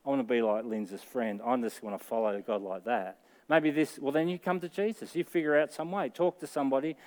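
A man's voice: medium pitch, animated, fairly quick, few pauses. A middle-aged man with an Australian accent, preaching a sermon in an earnest, conversational way that rises to emphatic peaks. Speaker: pastor.

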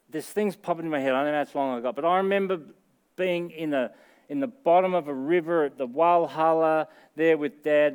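A middle-aged Australian man delivers a sermon from the pulpit. He talks in a casual, conversational way, then lifts into earnest, emphatic peaks on his key points. His voice sits at an ordinary pitch for a man. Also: fairly even intonation, a little fast, smooth. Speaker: pastor.

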